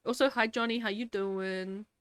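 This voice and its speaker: A woman's voice: medium pitch, fairly even intonation, normal speed, fairly bright tone, clean tone, no room sound. A woman streaming a game, chatting casually, reading her chat aloud and laughing often, sniffly and teary. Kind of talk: casual live-stream chat while gaming.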